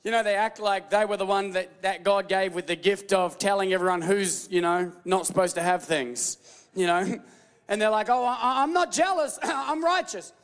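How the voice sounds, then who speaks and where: A man preaching a sermon as pastor, animated and playful, calling out to the congregation and slipping into mock voices. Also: sits high, normal speed, clean tone, big-room sound.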